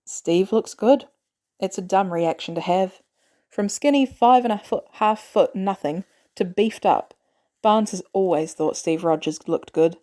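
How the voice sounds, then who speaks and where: A woman narrates a story aloud in a measured, even way. Her voice is mellow and warm, sitting at a middle pitch. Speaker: podfic reader.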